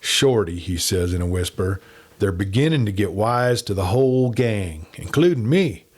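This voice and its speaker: A man's voice: on the low side, expressive, moderate pace, a little mellow, husky. A man voicing a nervous, frightened express office man who talks in anxious, urgent tones. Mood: fearful. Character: nervous male express clerk, fretful and scared.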